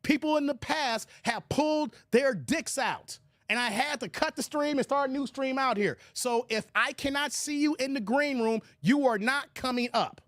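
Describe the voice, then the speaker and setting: An American man hosts a live stream, chatting casually and greeting viewers in his chat by name. He's animated and loose, with quick laughs and emphatic bursts, in a very high voice. The recording is dry and close, with no room sound.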